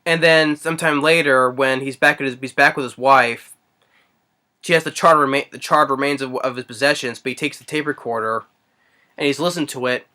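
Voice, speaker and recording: Bright-voiced man rambling through a film recap. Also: mid-range voice, fairly even intonation, fairly quick. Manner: rambling, hesitant, heavy on fillers. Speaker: movie reviewer. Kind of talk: casual spoken movie recap.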